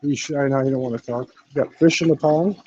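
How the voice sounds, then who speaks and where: A man's voice: mid-range voice, fairly even intonation, brisk, warm tone, muffled recording. A man doing a casual live-stream walkaround of a hostel, talking into his phone. He is laid-back, swears often and keeps saying "man". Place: hostel in Thailand. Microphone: phone camera.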